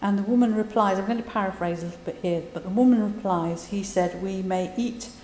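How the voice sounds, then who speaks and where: A woman preaches in a relaxed, conversational way, retelling scripture and adding her own asides. Her voice is mellow and warm. It rings with long reverb across a large hall. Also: medium pitch, fairly quick, a little hiss or hum. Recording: echoey hall, voice from a distance.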